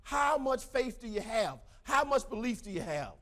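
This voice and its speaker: Fiery, high-pitched male motivational speaker. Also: sing-song, moderate pace. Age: middle-aged. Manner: fiery, preacherly, bursts into shouts. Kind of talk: motivational speech to a crowd.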